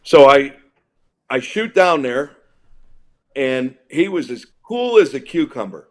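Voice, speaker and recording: A middle-aged man, a wrestling event organizer, telling a story in an interview, excitable and acting out quotes with many restarts. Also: on the high side, a little slow. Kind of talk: animated storytelling in a podcast interview.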